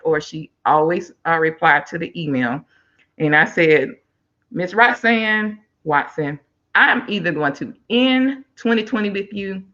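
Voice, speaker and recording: A woman hosting a live online talk show over a video call, effusive and excitable, thanking viewers by name. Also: lowish voice, lo-fi sound. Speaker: host.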